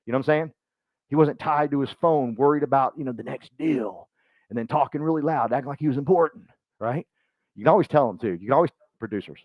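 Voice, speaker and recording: A man speaking to a live group at a business meeting, joking and acting out quick voices as he goes. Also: medium pitch, no echo, muffled recording. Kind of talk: motivational talk to a live group.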